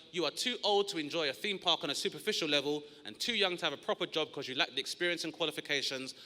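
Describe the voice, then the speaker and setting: A stand-up comic works a theatre stage, his voice bright and lively, jumping high into squealing put-on yelps as he acts out his stories. The sound carries the long reverb of a large hall. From South East London. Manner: animated storytelling with loud high-pitched put-on yelps. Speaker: stand-up comedian. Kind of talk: stand-up comedy set.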